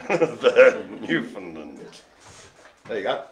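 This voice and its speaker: A man's voice: medium pitch, sing-song, slow. A man hosting a live bingo game, calling out numbers and rambling through jokey asides. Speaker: bingo host.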